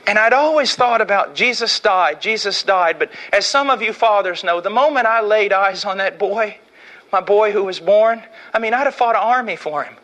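A middle-aged man preaching an impassioned sermon, swinging from hushed, slow lines to shouted ones. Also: sits high.

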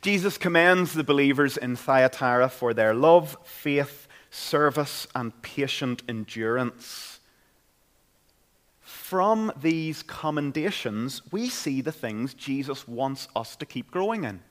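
A man's voice: mid-range voice, expressive, slow pace. A man with a Northern Irish accent preaching a sermon in a church, in an earnest, conversational way. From Northern Ireland. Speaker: pastor.

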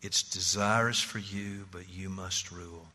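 A preacher voicing God, slow and grave. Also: male voice, low voice, steady tone, long reverb tail, pitched below the performer's own voice, full character voice. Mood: solemn. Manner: slow, soft, solemn. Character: God speaking gently, grave and patient.

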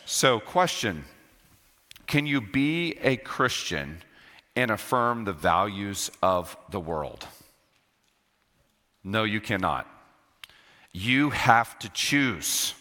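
A male pastor preaching with a lower pitch and a bright, forceful edge. He hammers key phrases by repeating them and drops from loud to low for weight. The sound trails off in the long reverb of a church hall. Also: sing-song, slow, pauses often. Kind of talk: sermon. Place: church sanctuary.

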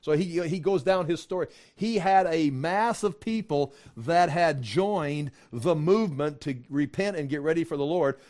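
A man teaching a casual Bible study, acting out the dialogue in his own voice and laughing as he gets animated. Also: a little high, measured pace, hardly any pauses.

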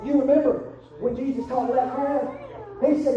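A man preaching a sermon in a church, shouting in rising, chanted cadences. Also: very high voice, fairly even intonation, moderate pace, muffled recording. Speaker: pastor. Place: church sanctuary. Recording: roomy church sound from a distant mic.

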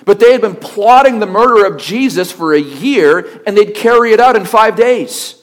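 A male pastor preaching a sermon with emphatic delivery, rhetorical questions and steady repetition. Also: high voice, normal speed.

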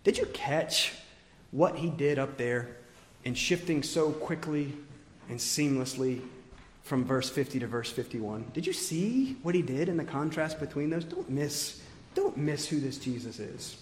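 A man preaching an expository sermon with emphatic points that swing from forceful to quiet. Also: a little high, lively intonation, measured pace, a little hiss or hum. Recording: echoey hall with long reverb.

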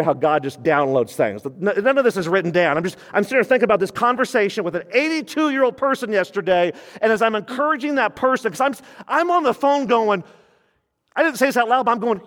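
A man preaching a sermon, animated and full of questions to the congregation, with sudden drops into low, quiet warnings. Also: fast. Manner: animated, swings between loud emphasis and quiet low warnings; asks the congregation questions and answers them. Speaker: pastor. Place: church sanctuary. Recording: long reverb of a church hall.

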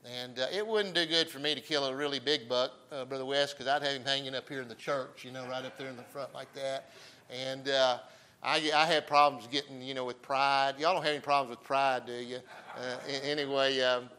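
A man's voice: medium pitch, fairly even intonation, fairly quick, pushed and bright, poor audio. An older man preaching a sermon, telling chatty grandkid stories sprinkled with amens. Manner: folksy, chatty, frequent amens. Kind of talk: sermon with folksy storytelling.

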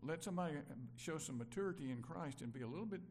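Older pastor preaching. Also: male voice, on the high side, expressive, fast talker. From Mississippi, USA. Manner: conversational preaching, swings between loud emphasis and quiet asides. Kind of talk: sermon.

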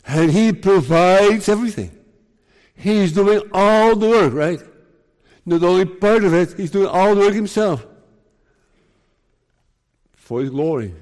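A man preaching a sermon in a slow, emphatic way, raising his pitch to stress his points. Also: lively intonation, a little mellow. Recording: long hall reverb.

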